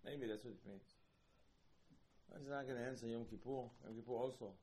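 A man giving an informal Torah talk as a rabbi, animated, repeating himself and acting out quoted lines, with non-native phrasing. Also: medium pitch, brisk, slight background noise, low-quality recording. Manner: animated, repeats words, acts out quoted dialogue.

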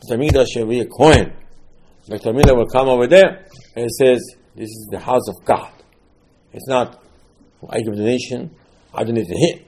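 A man's voice: medium pitch, moderate pace, pauses often, darkish tone, husky. A man giving a sermon on scripture, telling the stories with animation, acting out the quotes and repeating key words for emphasis. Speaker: religious teacher.

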